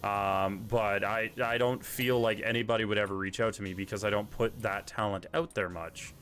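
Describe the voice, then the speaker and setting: A man's voice: fairly low pitch, steady tone, normal speed, a bit bright. Rambling man chatting on a game stream. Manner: rambling, with many fillers and restarts. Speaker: livestream host. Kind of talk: casual chat during a game stream.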